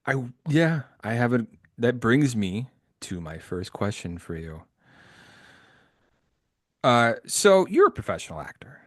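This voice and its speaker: A man hosting a casual podcast chat, excitable, laughing often and quoting lines. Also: medium pitch, takes it slowly, long pauses, no echo, studio quality. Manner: excitable, laughs often, quotes the film in character. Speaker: podcast host.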